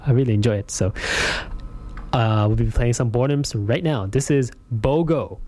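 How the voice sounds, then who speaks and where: A man's voice: medium pitch, normal speed, dark tone. A male radio host talking casually and meandering as he tells urban legends in a radio studio. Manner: laid-back, meandering storytelling.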